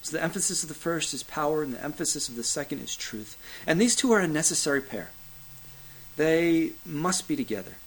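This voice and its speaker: A man preaching a sermon, building to loud emphatic peaks, then dropping to hushed, low lines, with a repetitive preaching cadence and occasional fillers. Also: expressive, a little fast, breathy edge, low-quality recording. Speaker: pastor.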